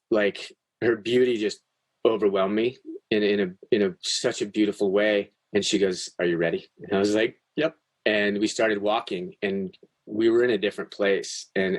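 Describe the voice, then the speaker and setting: A low-pitched man speaking into a close podcast mic, telling a personal story with earnest intensity. He stumbles over restarts and swears now and then, and the sound is dry and close with no room echo. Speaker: podcast guest. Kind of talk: storytelling in casual chat.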